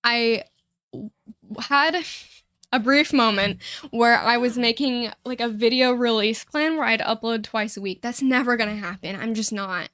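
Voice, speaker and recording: A chatty young woman rambles through a casual game stream. She laughs often and swears offhandedly. Her voice sits a little high and sounds close and dry. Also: unhurried, fairly bright tone, no room sound. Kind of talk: casual livestream chat while playing a life-sim game.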